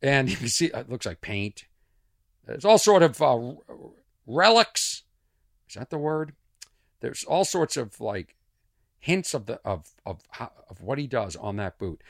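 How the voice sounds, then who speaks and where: Male podcast host from Boston, animated storyteller with a lilting, up-and-down delivery in a dead-dry room. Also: medium pitch, a little slow, creaky, no echo. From Boston, USA. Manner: rambling, animated storyteller with asides and restarts. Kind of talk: casual monologue podcast.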